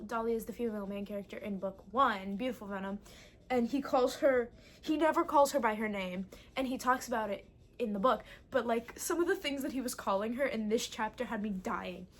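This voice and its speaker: A young woman vlogging casually about her reading, excitable and gushing, swearing often. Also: a little high, normal speed. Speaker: book vlogger. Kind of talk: casual vlog chat.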